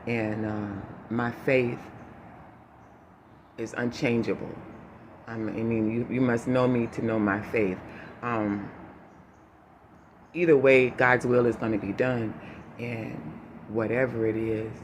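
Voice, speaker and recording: A man talks to his viewers, emotional and choking up as he holds back tears. His speech is halting and full of fillers and restarts, at an ordinary pitch for a man. A clear, steady hiss of noise sits behind his voice. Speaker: vlogger giving a family update. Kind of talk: unscripted personal update to viewers.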